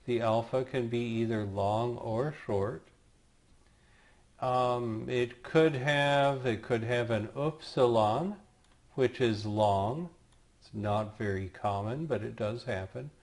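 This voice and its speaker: A man teaching a lesson, explaining rules slowly and patiently, with the odd self-deprecating aside. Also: medium pitch, darkish tone. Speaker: Greek teacher. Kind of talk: recorded lecture.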